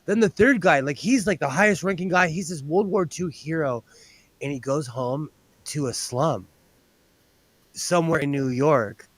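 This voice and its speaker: A man's voice: a little high, normal speed, no room sound. A man hosting a casual chat while sewing, rambling and telling stories with animation. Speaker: host.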